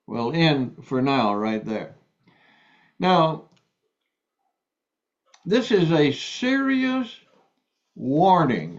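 A man preaches a sermon in a slow, deliberate way, leaning on key words as he reads scripture and explains it. His voice sits a bit high for a man. The recording sounds dull and lo-fi.

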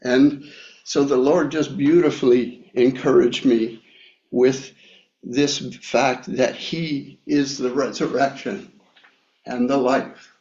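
Slow, reflective male preacher in echoey room. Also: medium pitch, fairly even intonation, a little mellow. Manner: slow, reflective, with frequent pauses and fillers. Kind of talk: sermon, Bible reading and personal story. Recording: echoey room, slightly dull sound.

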